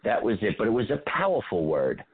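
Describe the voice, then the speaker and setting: A man, an actor, telling animated show-business stories as a radio guest and acting out what people said. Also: on the low side, a little fast, breathy edge, phone-quality sound. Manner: animated storyteller, acts out quotes.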